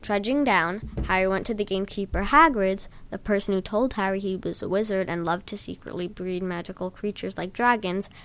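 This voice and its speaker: A woman reading a story aloud in a plain, steady storytelling manner with a few stumbles. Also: medium pitch, a little fast, few pauses, a little hiss or hum. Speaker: reader.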